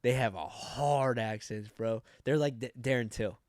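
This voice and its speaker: A young man from Arizona tells travel stories on a podcast in loose, profane chat. He jumps into loud, high quoted voices and then drops back into his middle-pitched talk. The sound is close and dry. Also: a little slow, no room sound. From Arizona, United States. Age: young adult. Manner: animated storytelling, loud quoted voices, swearing. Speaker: podcast guest. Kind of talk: casual chat.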